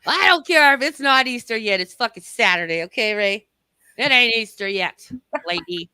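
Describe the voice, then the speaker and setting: A woman hosting a live stream tears into someone with a fierce, profane, mocking rant. Her voice is bright and cutting. The sound is close and dry, with no room around it. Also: a little high, animated, normal speed, clean tone, no room sound. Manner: angry, cursing, mocking. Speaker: livestream host.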